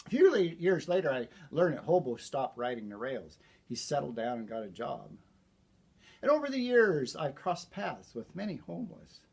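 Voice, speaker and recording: A man telling a story from his own childhood in an unhurried, folksy way, clearing his throat now and then. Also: medium pitch, darkish tone. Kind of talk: personal storytelling.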